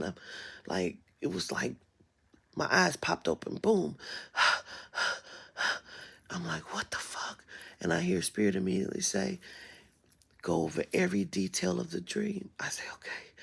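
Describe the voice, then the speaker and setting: Woman vlogger, casual live-stream storyteller, emphatic and profane, heavy vocal fry, husky. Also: fairly low pitch. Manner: emphatic and profane, drops to a whisper at times. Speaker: spiritual vlogger.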